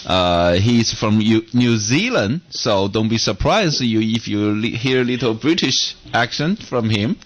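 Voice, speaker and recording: A man co-hosting a radio talk show, speaking haltingly with many fillers. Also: fairly low pitch, lively intonation. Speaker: radio co-host.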